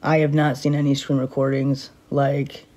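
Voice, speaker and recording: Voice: medium pitch, completely flat delivery, moderate pace, a little mellow, low-quality recording. A streamer in an unscripted live stream on a phone, tense and angry but holding it in, talking in repetitive pleading phrases and often asking "okay?".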